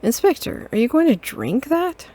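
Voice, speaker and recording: A woman's voice: high voice, big pitch swings, normal speed, warm tone, voice pushed up. A woman voicing a loyal, obedient young sidekick in a game. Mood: earnest. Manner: earnest, obedient. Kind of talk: game voice acting.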